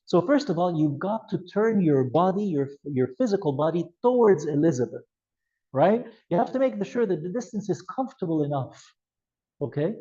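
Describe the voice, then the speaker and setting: A man teaching a youth ministry class, animated and acting out scenarios with changes in his voice. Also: high voice, moderate pace, dull audio. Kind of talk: classroom lecture with role-play examples.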